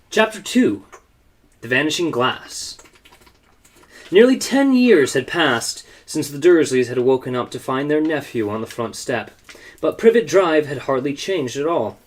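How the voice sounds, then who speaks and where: A man, a teacher, reading a children's book aloud in a lively, expressive way. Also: on the high side, a little slow.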